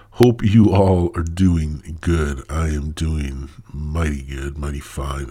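A man's voice: very deep voice, slow, hardly any pauses, warm tone, husky. A stoned man hosting his own podcast in a crude, rambling monologue that loses its thread. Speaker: podcast host.

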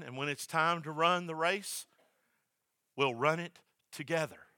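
A male pastor preaching a sermon, swinging from loud, repeated emphasis down to a soft hush. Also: fairly high pitch, unhurried, smooth, no room sound. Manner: builds to loud emphatic repetition, then drops to a soft hush.

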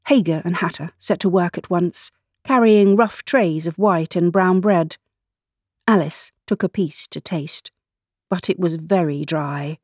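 A woman volunteer reading a classic storybook aloud in an expressive, animated way. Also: lowish voice, a little slow, no echo, studio quality. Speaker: volunteer reader.

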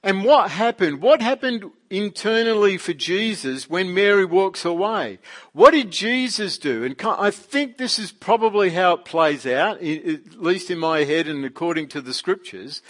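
A man preaching a casual sermon, animated and full of rhetorical questions. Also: high voice, moderate pace. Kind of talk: conversational sermon.

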